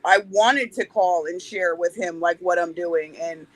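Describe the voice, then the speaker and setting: A woman's voice: fairly low pitch, a little slow, poor audio. A woman in her forties, a podcast guest speaking candidly in a blunt, plain-spoken way and swearing freely. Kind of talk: candid interview talk.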